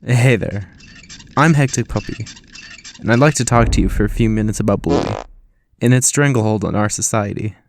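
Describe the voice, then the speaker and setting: A man's voice: lowish voice, normal speed, background noise. A man hosting a comedy video, delivering a profane, over-the-top rant of mock outrage. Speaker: comedy YouTuber host.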